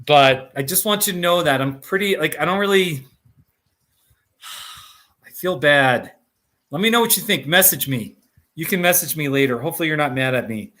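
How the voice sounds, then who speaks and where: A man's voice: fairly high pitch, expressive, moderate pace, long pauses, pushed and bright. A man hosting a live stream in casual chat, rambling and jokey, laughing often and restarting his sentences.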